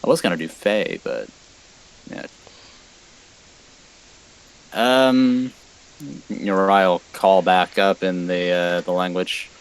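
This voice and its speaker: A man's voice: low-pitched, slow pace, long pauses, clear, resonant tone, low-quality recording. A man playing a tabletop game, chatting casually and explaining his choices. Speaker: player.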